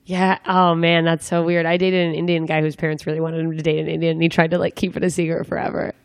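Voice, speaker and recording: A woman's voice: deep voice, completely flat delivery, fast talker, no echo. A young woman interviewing a guest in a casual, joking way, full of rambling asides.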